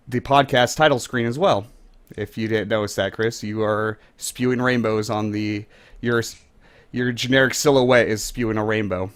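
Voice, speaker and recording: A man's voice: mid-range voice, a bit bright. Guy hosting a podcast, normal mid voice, jokey, kinda rambly intros. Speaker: podcast host. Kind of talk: casual chat.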